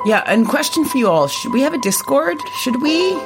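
A woman's voice: sits high, sing-song, a little fast, vocal fry, hardly any pauses, loud music behind the voice. A woman co-hosting a podcast, teasing and playful with her guests. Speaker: podcast co-host. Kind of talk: casual podcast chat.

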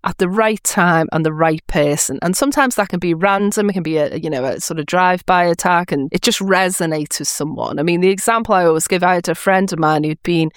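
British woman podcast guest, chatty and emphatic, low-pitched, dry close mic. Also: brisk, few pauses, no room sound. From Britain. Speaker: podcast guest, social engineer. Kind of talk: casual chat.

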